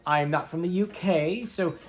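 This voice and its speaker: A woman's voice: fairly low pitch, unhurried, faint music behind. A woman hosting a casual commentary video, chatting and thinking aloud as she weighs up her guesses. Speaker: video host.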